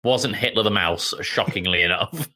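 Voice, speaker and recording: A man's voice: lowish voice, moderate pace, bright, forceful tone. A British man co-hosting a comedy podcast, teasing and dry in casual chat. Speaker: podcast co-host.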